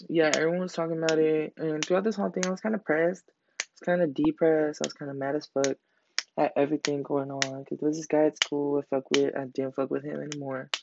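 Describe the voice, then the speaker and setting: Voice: mid-range voice, noisy background. A young speaker in their late teens hosting a podcast, telling stories in a casual, rambling way with lots of slang and heavy swearing. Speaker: podcast host. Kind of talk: casual storytelling monologue. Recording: dull lo-fi recording.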